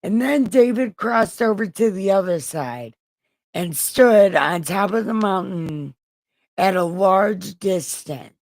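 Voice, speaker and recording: A woman hosting a home livestream, retelling scripture with crude, joking profanity. Her voice is gravelly and her delivery unhurried. The sound is dry and close. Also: mid-range voice, lively intonation, darkish tone, no room sound. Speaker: livestream host reading scripture. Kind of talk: casual irreverent scripture reading.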